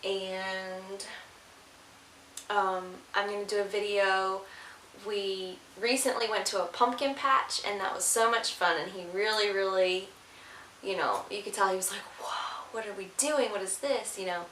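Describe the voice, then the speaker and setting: A woman's voice: mid-range voice, steady tone, measured pace, a bit bright. A young woman, a mother vlogging to camera, chatting casually and rambling with fillers, tired from lack of sleep. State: sleep-deprived. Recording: echoey room with faint hiss.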